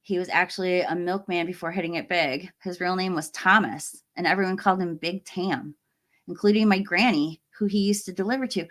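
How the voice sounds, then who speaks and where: Speaking fairly quickly in a fairly low, fairly bright voice, this US livestream host chats casually with her viewers. She reads their comments aloud, friendly, with lots of fillers and little laughs.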